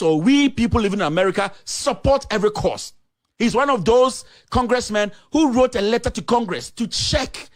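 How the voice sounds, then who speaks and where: A man talks straight to his audience in emphatic commentary, his fairly high voice rising and falling widely. He repeats his points for force and slips local phrases in between the English. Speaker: journalist and show host.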